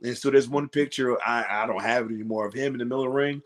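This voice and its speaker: A man, a pro wrestler, telling a story in a podcast interview, animated and acting out his own lines. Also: mid-range voice, fast talker. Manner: animated, acts out quotes, swears freely.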